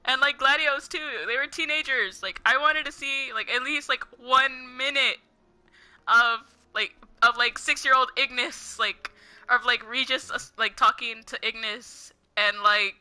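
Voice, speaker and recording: A woman's voice: fairly high pitch, a little slow, pushed and bright. A young woman casually ranting over her gameplay, giggling often and filling her talk with "like". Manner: giggly, heavy use of "like", ranting. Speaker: gaming streamer. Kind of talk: casual gameplay commentary, rambling.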